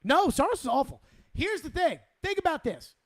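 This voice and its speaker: A man's voice: very high-pitched, sing-song, normal speed. A man hosting sports talk radio, exasperated and sarcastic, repeating himself as he rants.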